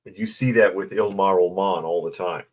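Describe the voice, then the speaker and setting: A man's voice: low-pitched, steady tone, normal speed. A man hosting a casual news commentary show, reading articles and viewer chat with sarcastic, mocking asides. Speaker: host.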